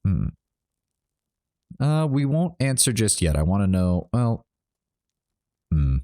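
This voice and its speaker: Low-voiced man streaming a game. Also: very animated, slow pace, mellow. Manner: chatty, reads game dialogue aloud. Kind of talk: casual game commentary.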